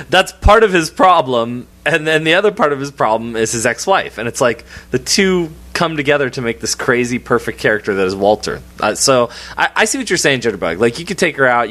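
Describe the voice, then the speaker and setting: A man's voice: mid-range voice, fairly bright tone. A man co-hosting a casual movie podcast, enthusiastic and laughing often. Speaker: podcast co-host.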